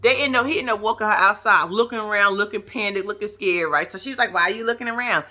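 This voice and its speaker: Brash, bright-voiced woman ranting. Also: medium pitch, fast. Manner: brash, profane, animated storytelling. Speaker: reality TV commentator. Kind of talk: casual reaction commentary.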